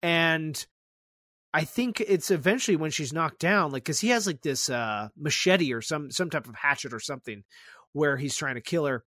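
Casual, slightly high-voiced male podcast host. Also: normal speed, dry recording, clean studio sound. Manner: animated retelling, swears freely. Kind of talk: casual chat.

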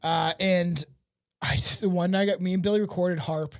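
A man's voice: high-pitched, fairly even intonation, normal speed, dry recording, clean studio sound. A man hosting a podcast, rambling casually with frequent laughs and swearing. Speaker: podcast host.

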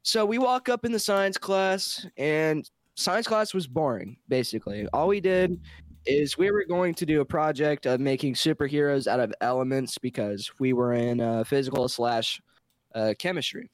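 A teenage man telling a story on a podcast in an animated, joking way, swearing freely. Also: a little high, no echo. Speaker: podcast co-host. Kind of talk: casual storytelling chat.

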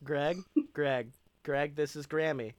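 A man voicing a pleading elderly grandmother in a soft, low, begging tone. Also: fairly even intonation, slow pace, no room sound, muffled recording. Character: pleading old grandmother at an intervention.

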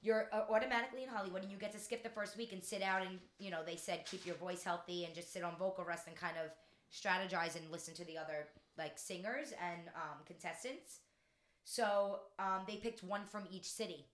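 A woman's voice: lowish voice, fairly quick, a bit bright, reverberant. A woman co-hosting a casual chat podcast, talking in a bubbly, rambling way, often laughing and apologizing. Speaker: podcast co-host.

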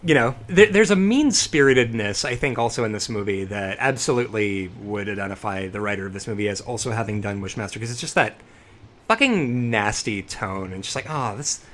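A man co-hosting a podcast, chatting casually about horror movies, animated and profane with jokey asides. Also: fairly low pitch, brisk, a little hiss or hum. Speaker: podcast co-host.

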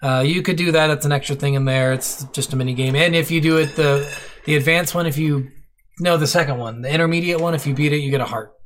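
Male podcast co-host, slightly higher voice; loose, profane game-review chat with acted-out quotes. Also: fairly even intonation, a bit bright, slight background noise. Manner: swears freely, quick to act out quotes. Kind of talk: casual gaming review chat.

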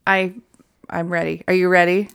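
A woman's voice: on the low side, flat delivery, normal speed, creaky, fairly bright tone, clean tone, dry recording, studio quality. A woman chatting casually as a podcast co-host, laughing easily and reading items aloud. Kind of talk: casual chat.

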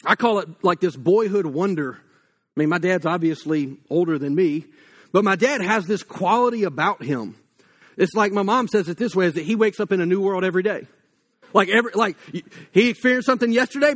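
A man's voice: high-pitched, fairly bright tone. A man, giving a casual, story-filled sermon full of fillers. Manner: casual and anecdotal, many fillers like "like" and "you know". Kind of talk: conversational sermon.

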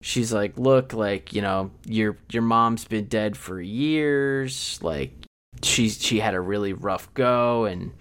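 A man's voice: fairly low pitch, a bit bright, clear, resonant tone. Man casually recapping a movie plot. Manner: rambling plot recap with quick voiced quotes. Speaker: podcast co-host. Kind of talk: casual movie review chat.

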